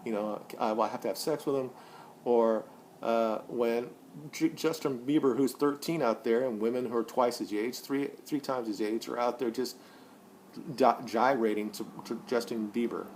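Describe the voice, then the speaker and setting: A man in his forties vlogging an opinion monologue, blunt and profane, rambling with many restarts, and rising loud and high when he gets worked up. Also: fairly even intonation, normal speed, slight background noise. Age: 40s.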